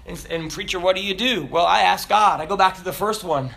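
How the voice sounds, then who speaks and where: A man preaching a sermon, telling stories with laughter in an animated, lively way. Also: high-pitched, a little fast, creaky. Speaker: pastor.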